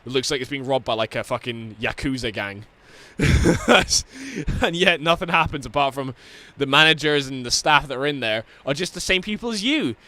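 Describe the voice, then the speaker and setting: A man's voice: medium pitch, animated, moderate pace, few pauses, pushed and bright, no room sound. A Scottish man streaming a game, telling stories in casual chat, swearing constantly and laughing through them.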